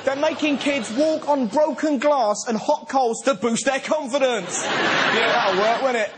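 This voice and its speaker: A man hosting a comedy show, delivering an excitable, playful stand-up monologue. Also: very high voice, measured pace, over a noisy crowd, heavy background noise. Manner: excitable, playful, bursts into silly voices. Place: TV studio stage. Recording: studio audience laughter.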